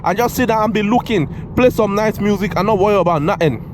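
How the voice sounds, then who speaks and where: A young man giving casual, excitable driving commentary from inside a moving car, repeating himself and calling out "bro", recorded on a GoPro camera. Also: high-pitched, quick pace. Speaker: car reviewer. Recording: road and engine noise in car.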